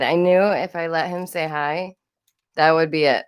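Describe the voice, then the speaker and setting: Chatty woman with a lowish voice. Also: measured pace, long pauses, smooth, no echo. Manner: rambling, chatty, laughs often. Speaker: livestream host. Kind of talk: casual livestream commentary. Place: at home.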